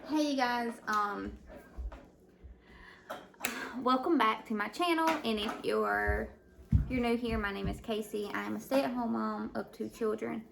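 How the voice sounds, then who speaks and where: A stay-at-home mom vlogging at home in casual chat, hesitant with many fillers and restarts, sounding overwhelmed and emotional. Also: female voice, a little high, moderate pace, vocal fry, slight background noise. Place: at home indoors. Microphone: camera mic.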